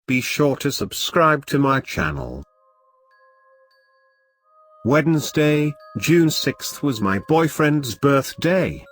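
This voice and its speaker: A man narrating scripted horror stories in a dramatic, measured way. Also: medium pitch, fairly bright tone.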